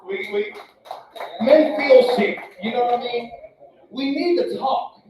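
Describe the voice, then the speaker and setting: A male comedian doing a stand-up set, loud and brash, swinging between shouting and muttering, on a club stage. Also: very high-pitched, unhurried, background noise. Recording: echoey distant club recording, dull sound.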